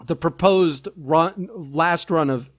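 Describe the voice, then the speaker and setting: A man's voice: on the high side, slow, dry recording. A man hosting a podcast in a teasing, joking way who laughs often. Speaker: podcast host. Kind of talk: casual chat.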